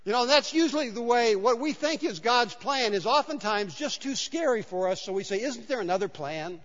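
A man's voice: very high voice, lively intonation, moderate pace, fairly bright tone. A man preaching a sermon in a church sanctuary, telling stories in a conversational way and repeating key points for emphasis. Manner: conversational storytelling with emphatic repetition. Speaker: pastor. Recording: dull sound with long hall reverb.

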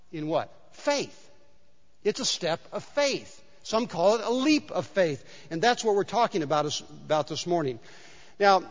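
A male pastor delivers a sermon in a church sanctuary, telling stories in a relaxed, conversational way. His voice sits high for a man, and he repeats key lines for emphasis. The recording is dull and carries long hall reverb. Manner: conversational storytelling with emphatic repetition.

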